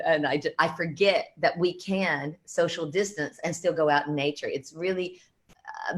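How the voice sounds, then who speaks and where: A woman's voice: sits low, a bit bright. A middle-aged woman co-hosting a radio talk show, telling chatty stories and laughing often. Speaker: radio co-host. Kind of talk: casual chat.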